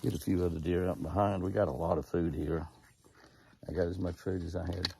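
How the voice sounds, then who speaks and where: A man's voice: low-pitched, steady tone, a little fast, creaky, dark tone, slight background noise. A man narrating casually outdoors while feeding deer, folksy and coaxing them closer in a sing-song call. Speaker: ranch owner and show host.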